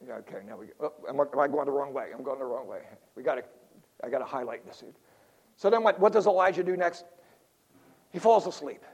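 An older man preaching a sermon in a lively, joking way, dropping to quiet asides between points. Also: medium pitch, quick pace, husky. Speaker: pastor.

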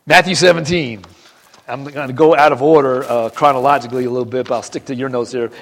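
A middle-aged male pastor preaching a sermon, reading scripture dramatically with swings between loud and hushed delivery. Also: medium pitch, steady tone, fast talker.

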